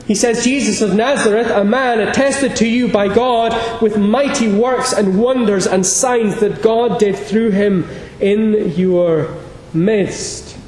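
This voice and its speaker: A high-pitched man preaches a sermon, building to fervent, emphatic declarations. His voice rings through a big echoey hall with a long reverb tail, and faint room noise sits underneath. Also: slow pace, darkish tone.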